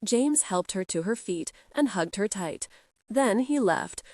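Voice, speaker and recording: Female audiobook narrator, steady mid-pitched voice, close dry studio sound. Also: measured pace, dry recording. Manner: reads every character in one voice.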